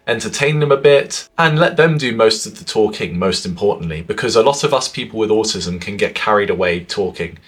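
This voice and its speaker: A man in his twenties who talks to the camera in an earnest way, giving social advice, with his pitch and loudness swinging widely. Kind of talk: talking to camera.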